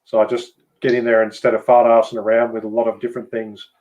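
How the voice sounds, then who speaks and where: A man with an Australian accent chatting casually as host, relaxed and swearing freely. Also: medium pitch, fast talker, narrow, tinny audio. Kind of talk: casual chat.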